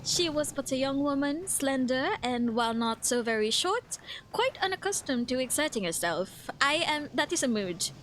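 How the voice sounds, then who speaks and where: Filipina streamer reading a game in a silly fake british accent, high voice, giggles a lot. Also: female voice, lively intonation, normal speed, fairly bright tone, a little hiss or hum. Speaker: streamer reading a visual novel aloud.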